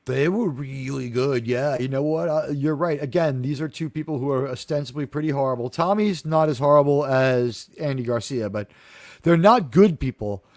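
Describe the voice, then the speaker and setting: A man's voice: mid-range voice, moderate pace, no echo, clean studio sound. A man hosting a casual live chat about a TV episode, recapping scenes and acting out lines in funny voices. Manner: animated, acts out quotes in funny voices. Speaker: host of a TV review discussion.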